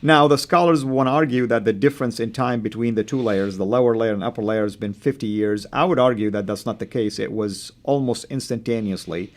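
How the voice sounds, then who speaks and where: A man's voice: medium pitch, fairly quick, hardly any pauses. Man, manuscript researcher, scholarly, agreeable, often affirming. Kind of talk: conversational discussion on manuscripts.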